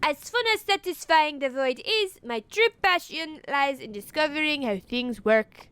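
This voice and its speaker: A woman voicing a female curator, slow and sinister. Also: sits high, lively intonation, fairly bright tone. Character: French female curator, dark and eerie.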